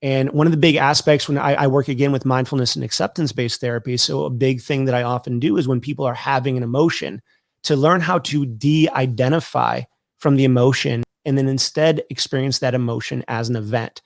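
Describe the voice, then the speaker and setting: A man's voice: mid-range voice, fairly even intonation, brisk, gravelly, no room sound, clean studio sound. A man who works as a therapist and hosts a casual discussion, explaining his ideas thoughtfully and often restarting his sentences. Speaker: therapist and podcast host.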